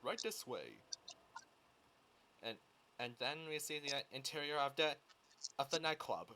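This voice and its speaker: A man's voice: on the high side, normal speed, bright, forceful tone, a little hiss or hum. A man reading a storybook aloud over a voice call, stumbling and restarting lines. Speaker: reader.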